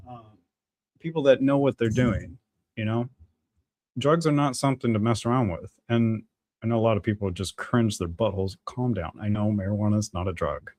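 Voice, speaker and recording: Low-voiced rambling live stream host. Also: male voice, normal speed, darkish tone. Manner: rambling, ad-libbed, jokey. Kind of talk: casual live stream chat.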